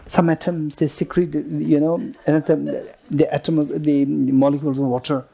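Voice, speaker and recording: A man in his thirties giving a Buddhist retreat teaching to a live group, explaining with lively examples, questioning his listeners, often restarting words and chuckling between points. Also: on the high side, normal speed, creaky, a little hiss or hum.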